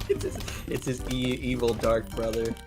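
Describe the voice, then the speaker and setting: A woman guest on a game stream, chatting casually with a friend, bubbly and quick to laugh. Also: extremely low pitch, over music. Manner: bubbly, laughs often, animated. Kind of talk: casual gaming chat with improv bits.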